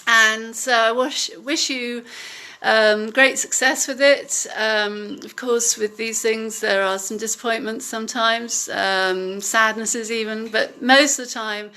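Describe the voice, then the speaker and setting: A woman giving a casual home tutorial, explaining gently with many hesitant ums. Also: a little high, fairly even intonation, slow, clean tone. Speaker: home demonstrator.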